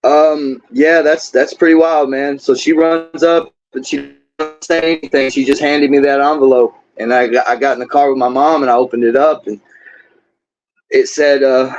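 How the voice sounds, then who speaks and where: A man's voice: medium pitch, steady tone, moderate pace, darkish tone, no echo. A man telling his story as an interview guest, candid and rambling, often repeating words. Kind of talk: casual storytelling. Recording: dull lo-fi sound.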